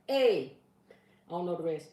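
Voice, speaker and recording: A playful woman chats on her livestream, reading viewer comments aloud and teasing her regulars. Her voice sits at an ordinary middle pitch. It echoes around the room because she is some way from the mic. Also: animated, moderate pace, darkish tone. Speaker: livestream host. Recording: roomy, mic at a distance.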